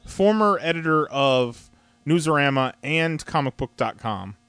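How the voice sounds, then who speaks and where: A man's voice: a little high, expressive, a little slow, fairly bright tone, smooth, no echo. A man hosting a casual comics podcast, rambling with fillers and restarts. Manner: rambling, with many fillers and restarts, laughing often. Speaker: podcast host.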